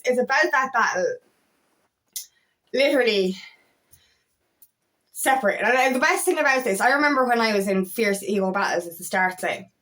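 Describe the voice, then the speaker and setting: A woman's voice: mid-range voice, a bit bright. A woman life coach talking in a motivational vlog, emphatic and blunt, swearing often and acting out her inner voices. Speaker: empowerment coach.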